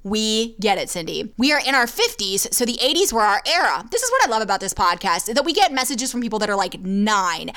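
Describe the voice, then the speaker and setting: A young woman co-hosting a podcast, chatting quickly and animatedly as she recaps a TV episode with her sister. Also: medium pitch, sing-song, fairly bright tone. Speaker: podcast co-host. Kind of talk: casual chat recapping a TV episode.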